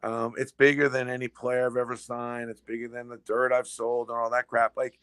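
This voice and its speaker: A man telling stories as a podcast guest, fast and full of restarts and repeated words. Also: mid-range voice, flat delivery, a bit bright, clear, resonant tone, no echo. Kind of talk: casual storytelling.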